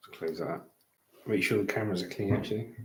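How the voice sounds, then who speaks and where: A man's voice: low voice, quick pace, echoey room, a little hiss or hum. Cheeky guy streaming from home. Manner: cheeky, banter-filled, reads out chat messages. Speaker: livestream host. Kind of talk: casual livestream chat.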